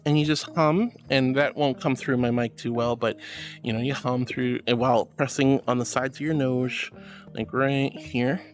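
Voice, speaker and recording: A woman's voice: a bass voice, steady tone, normal speed, soft background music. A woman streamer in a casual live-stream chat, bubbly and affectionate, reading chat messages aloud and calling viewers sweetie and honey.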